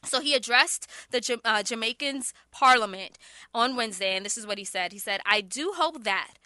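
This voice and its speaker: A woman hosting a talk radio show, chatty and quick to laugh. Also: a little high, pushed and bright, dry recording.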